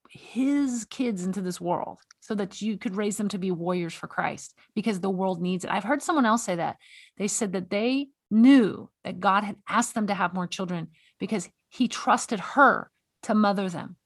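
A woman's voice: medium pitch, no echo. A woman hosting a faith-based conversation, earnest and exhorting, often repeating words as she speaks. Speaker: podcast host.

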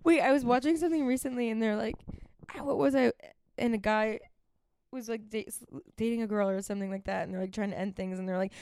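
A woman's voice: fairly high pitch, quick pace, darkish tone, dry recording, clean studio sound. A young woman co-hosting a podcast, chatting in a rambling, giggly way. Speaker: podcast co-host. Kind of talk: casual chat.

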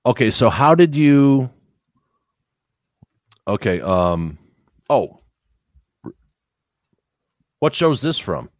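A man's voice: medium pitch, big pitch swings, extremely slow, long pauses, no echo, studio quality. A man hosting a casual interview, reacting with short, easygoing remarks. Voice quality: laid-back, short reactions. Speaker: interview host. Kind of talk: casual chat.

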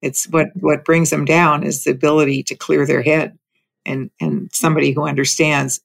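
An older woman telling a calm, reflective story about raising children, with soft laughs between her thoughts. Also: low voice, normal speed, vocal fry, breathy edge. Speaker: speaker on parenting. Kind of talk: reflective casual talk.

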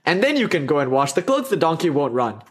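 A man voicing a calm, confident stranger who offers soothing advice in a told story. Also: a little high, fast. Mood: reassuring. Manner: soothing, reassuring.

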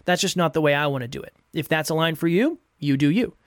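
A man with a slightly raised voice talks straight into a close microphone with no room sound at all. He coaches his listeners earnestly, circling back over the same points in a steady motivational monologue. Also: on the high side, quick pace, no echo. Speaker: podcast host and coach. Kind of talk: solo podcast advice monologue.

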